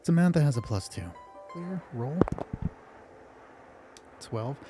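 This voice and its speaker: With music behind him, a man with a fairly high, expressive voice talks slowly as he runs a live-streamed tabletop game. A bit nervous, he keeps up chatty, self-mocking jokes. He's at home, wearing headphones.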